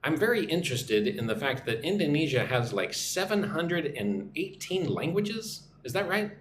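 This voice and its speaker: A man's voice: a little high, big pitch swings, moderate pace, echoey room, background noise. A man who teaches English online, chatting on a live stream, reading out viewer comments and greeting them in their own languages. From United States.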